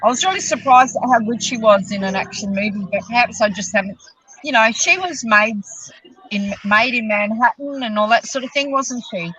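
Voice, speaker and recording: A woman's voice: fairly high pitch, moderate pace, a bit bright, breathy edge, rough recording. A woman co-hosting a podcast in casual chat, chatty and enthusiastic, laughing easily. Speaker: podcast co-host.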